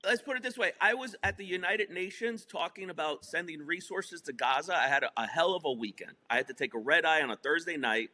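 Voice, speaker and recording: A man's voice: on the high side, brisk, hardly any pauses, bright, forceful tone, a little hiss or hum. A middle-aged man from New Jersey telling a story in a casual interview, emphatic and profane. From New Jersey / New York. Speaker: podcast guest.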